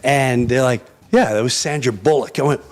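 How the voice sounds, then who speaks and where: A man's voice: mid-range voice, normal speed, background noise. A man, a comedian, tells an anecdote on a talk show and acts out the people in it. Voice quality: animated, acts out the people in his story.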